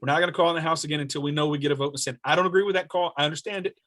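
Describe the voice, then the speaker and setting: A man's voice: a little high, fairly even intonation, very fast, a bit bright. A man who serves as a state representative, answering questions on a video call and telling stories earnestly, with many restarts.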